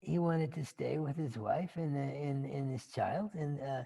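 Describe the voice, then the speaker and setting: A man giving a casual dharma talk, rambling through a story with frequent asides. His voice is gravelly and husky, at an ordinary pitch. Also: measured pace, mellow. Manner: rambling and conversational, with fillers and asides. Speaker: dharma teacher.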